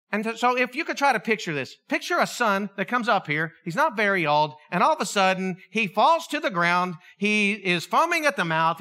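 A middle-aged male pastor preaching a sermon, telling stories with animation and acting out the voices of the people in them. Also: sits high. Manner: animated storytelling, acts out voices.

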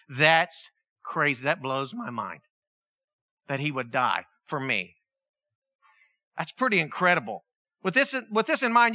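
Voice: medium pitch, sharp tone, dry recording, clean studio sound. A preacher, giving a sermon, telling the story vividly and asking the listeners questions. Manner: storytelling, acts out the people in the story; asks the listeners many questions.

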